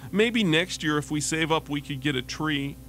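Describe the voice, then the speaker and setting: A man's voice: on the high side, moderate pace, soft background music, lightly acted. A man voicing a stressed, worn-out young mother who snaps at her daughter in a radio devotional story. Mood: remorseful. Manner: sharp and clipped, turning apologetic.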